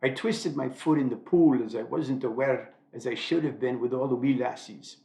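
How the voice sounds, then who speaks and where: A man's voice: mid-range voice, normal speed, vocal fry, dark tone, close to an everyday voice. A man putting on a rowdy Scottish brogue. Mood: boisterous. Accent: Scottish (put on). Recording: echoey room.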